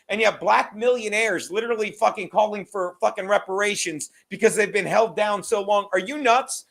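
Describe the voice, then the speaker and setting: A man's voice: high-pitched, normal speed, gravelly, sharp tone. A man co-hosting a podcast, talking in a crude, rambling, joking way. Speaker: podcast co-host. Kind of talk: casual podcast chat.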